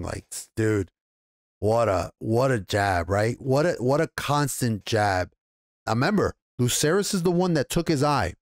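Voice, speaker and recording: A man's voice: mid-range voice, lively intonation, normal speed, dry recording, clean studio sound. A man with a New York accent casually recapping and reviewing an episode, swearing freely and acting out the characters' lines as he goes. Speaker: show reviewer.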